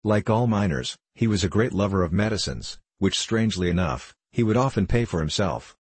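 Low, husky male audiobook narrator. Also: expressive, fairly quick, no room sound. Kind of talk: scripted narration of a novel.

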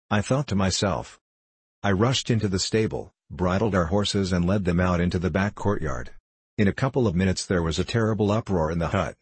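A man narrating a classic novel as an audiobook reader, in a measured, even storytelling manner. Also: sits low, breathy edge, no room sound.

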